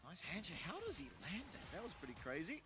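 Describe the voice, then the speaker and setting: A man's voice: high voice, quick pace. A man giving play-by-play commentary on a competitive game match. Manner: steady, analytical play calls. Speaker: esports caster.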